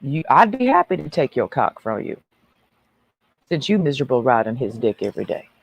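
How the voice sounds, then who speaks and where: A woman's voice: extremely low pitch, big pitch swings, fairly quick, creaky, breathy edge, rough recording. A woman ranting on a livestream in a brash, mocking, preachy way.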